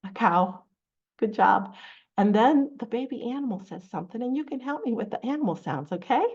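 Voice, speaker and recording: A woman running a children's storytime, reading a picture book and coaxing the kids to join in with a lively, sing-song manner. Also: on the high side, brisk, husky, lo-fi sound. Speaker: children's librarian.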